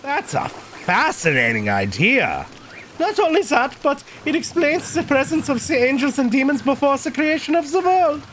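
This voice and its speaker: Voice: medium pitch, huge pitch swings, measured pace, few pauses, bright, forceful tone, a little hiss or hum, pitched above the performer's own voice, full character voice, low-quality recording. A streamer voicing a wandering male tinker in a game, eager and thoughtful. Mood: earnest. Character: Romani man, wandering tinker, earnest. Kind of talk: game dialogue read aloud.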